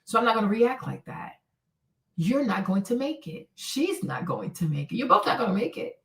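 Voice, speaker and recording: A woman's voice: on the high side, very animated, normal speed, recorded from a distance. Brash, profane woman streamer in an echoey room. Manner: brash, profane, emphatic and mocking. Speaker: livestream host. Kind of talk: blunt advice livestream.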